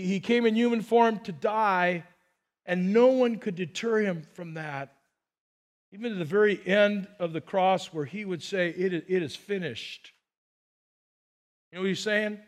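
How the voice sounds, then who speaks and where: Brief: male pastor, very high voice, emphatic sermon with call-and-response.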